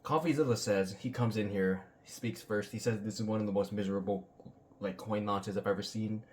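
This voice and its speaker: A man's voice: on the low side, steady tone, fairly quick, darkish tone, a little hiss or hum. A man hosting a reaction video, ranting bluntly and sarcastically with plenty of swearing. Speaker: commentary channel host.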